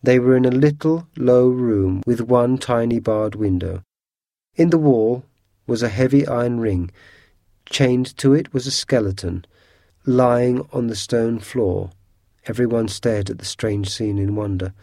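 A man narrating a storybook audiobook in a measured, unhurried way. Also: medium pitch, mellow, dry recording, studio quality.

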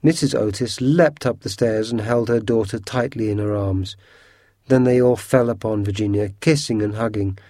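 A man narrating a storybook audiobook in a measured, unhurried way. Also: fairly low pitch, dark tone, dry recording, clean studio sound.

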